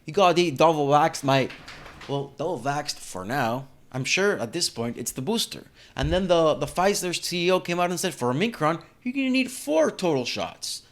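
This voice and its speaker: A man's voice: a little high, normal speed. A man giving casual, indignant commentary on video clips. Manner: animated, indignant, reacting to clips.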